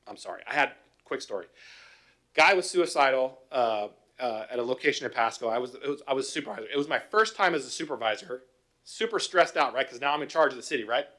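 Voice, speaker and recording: In a fast, bright, forceful voice of medium pitch with lively intonation, a middle-aged police officer delivers an informal talk to a council. He's conversational, peppering in anecdotes and rhetorical questions and acting out both sides of calls.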